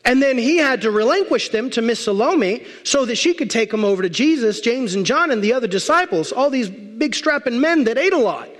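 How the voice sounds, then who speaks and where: A male pastor preaching a sermon, emphatic, stacking repeated phrases and slowing down to stress key words. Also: very high voice, lively intonation, fairly bright tone. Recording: long reverb of a large hall.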